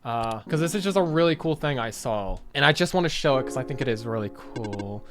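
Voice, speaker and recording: A gamer giving excited, rambling commentary while playing through a game's ending, talking to the game itself. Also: medium pitch, fairly quick, few pauses, music in the background. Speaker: let's play gamer.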